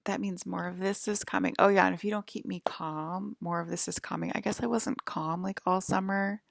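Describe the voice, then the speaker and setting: A woman with a low, gravelly voice rambles on at her viewers. She gets agitated, swears freely and keeps stopping to restart her thoughts. The sound is dry and close. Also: fairly even intonation, brisk, no echo. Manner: rambling, agitated and profane, many fillers and restarts. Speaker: vlogger.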